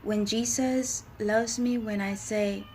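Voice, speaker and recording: A woman speaking haltingly about her own writings and faith, often pausing and searching for words. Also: mid-range voice, steady tone, a little mellow, slight background noise. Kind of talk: personal spoken reflection on faith.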